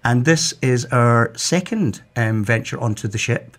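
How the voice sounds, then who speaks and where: A man's voice: medium pitch, measured pace, fairly bright tone. A man from Scotland, a theatre director, talking chattily on a radio interview with many hesitations. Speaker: director and producer.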